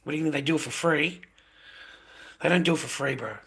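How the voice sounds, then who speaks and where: A man's voice: fairly high pitch, fast, vocal fry, a bit bright, breathy edge. A middle-aged man, livestreaming and chatting bluntly with viewers, swearing freely. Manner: swearing, aggressive, blunt, calls people mate. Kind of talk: casual livestream chat with viewers.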